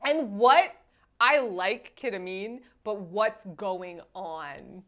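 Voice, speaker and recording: A woman's voice: medium pitch, slow. A woman co-hosting a podcast, chatting casually about a TV episode and acting out quotes in funny voices. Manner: animated, acts out quotes with voice changes. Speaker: podcast co-host. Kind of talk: casual chat recapping a TV show.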